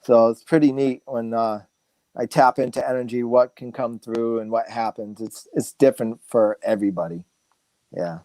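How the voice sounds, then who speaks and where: A man's voice: mid-range voice, normal speed, dry recording. Rambling man sharing stories, dry sound. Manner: relaxed, rambling with many fillers and restarts. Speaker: guest speaker, massage therapist. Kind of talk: casual storytelling interview.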